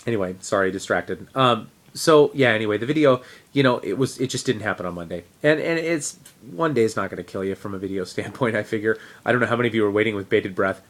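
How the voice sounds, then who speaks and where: A man's voice: fairly low pitch, fast talker. A man, a teacher, talking casually to camera in a fitness video diary, rambling with fillers and self-deprecating asides. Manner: rambling, with frequent fillers and restarts. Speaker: teacher sharing a fitness update.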